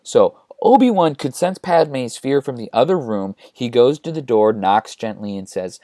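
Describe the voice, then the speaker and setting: A man's voice: medium pitch, animated, moderate pace, dark tone, no echo, studio quality. Man chatting through a comic retelling. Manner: casual, chatty, with many "like"s. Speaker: host. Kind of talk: comedic retelling of a story.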